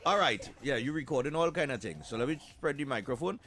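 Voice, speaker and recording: A man's voice: mid-range voice, expressive, quick pace, fairly bright tone. A man hosting live radio, chatting and teasing students in a jovial, loose way. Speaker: radio host.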